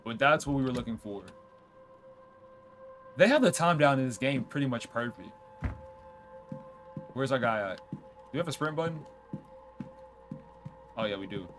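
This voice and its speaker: A man streaming a game, chatting casually, reading on-screen text aloud and reacting with quick outbursts. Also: medium pitch, animated, fairly bright tone, soft background music. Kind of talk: casual let's-play commentary.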